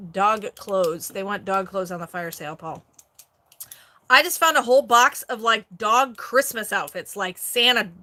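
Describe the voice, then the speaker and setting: A middle-aged woman hosting a casual live stream, chatty and quick to laugh as she reads viewer comments aloud. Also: mid-range voice, pushed and bright, slight background noise. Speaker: host, online reseller.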